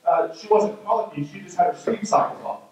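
A man in his thirties, speaking as a keynote speaker, tells a funny parenting story and acts out the quotes. His fairly high voice comes from well off the mic and moves briskly, with the highs cut off. He's in a large hall with an audience, and the sound echoes heavily.

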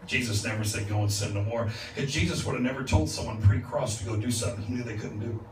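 A man preaching a revival sermon as a guest speaker, moving from calm teaching to loud, laughing exclamations. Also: mid-range voice, fast. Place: church sanctuary. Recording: echoey church, distant mic, noisy. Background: congregation responding.

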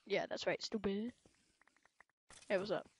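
A woman giving casual commentary while playing a video game, excitable and quick to shout at things on screen. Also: medium pitch, slightly rough, no room sound. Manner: excitable, bursts into yelling at the game. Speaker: gameplay commentator.

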